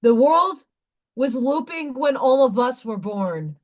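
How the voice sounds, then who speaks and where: Woman, livestream host, slow deliberate delivery, fairly high voice, passionate, preachy, salty language. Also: animated, dark tone. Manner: passionate and preachy, swears freely. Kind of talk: casual spiritual chat on a live stream.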